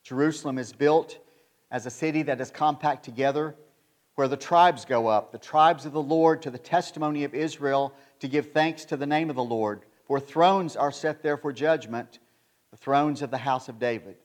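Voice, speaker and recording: A man preaching a sermon, reading scripture in a measured, earnest way and building to forceful emphasis. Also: medium pitch.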